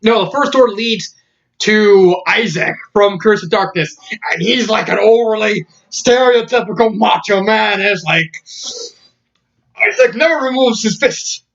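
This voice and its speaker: A man's voice: sits high, measured pace, vocal fry, fairly bright tone. A man casually reviewing a story, laughing often in disbelief and using many fillers. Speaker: fan fiction reviewer. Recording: dull lo-fi audio.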